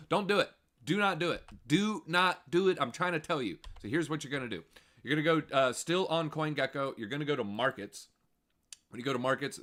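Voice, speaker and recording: A man hosting a casual livestream, talking straight to viewers in an animated, jokey way. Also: medium pitch. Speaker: crypto livestream host.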